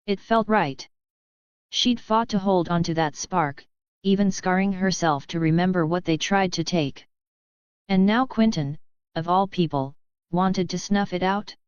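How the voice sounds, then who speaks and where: Brief: woman narrator, low smooth voice, even measured audiobook reading. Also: no room sound, dull audio.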